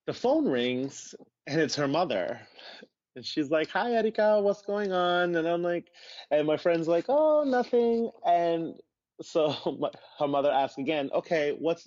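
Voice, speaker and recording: As a podcast guest, a man with a medium-pitched voice tells a personal story casually and with animation, acting out the voices of the people he quotes. The audio is dull and dry, with no echo.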